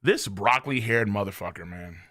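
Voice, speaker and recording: A man streaming a live reaction to a manga chapter, excitable and profane, rambling as he reads. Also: on the low side, brisk.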